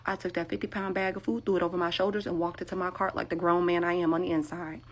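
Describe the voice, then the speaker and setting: A woman telling a sarcastic, animated story straight to the camera in a casual monologue. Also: fairly low pitch, quick pace.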